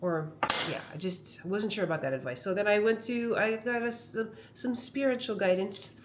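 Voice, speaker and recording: A comedian vlogger chats to her phone camera at home in a casual, rambling monologue, telling stories with animated energy. Her voice is medium-pitched at a normal speed, with background noise in the recording.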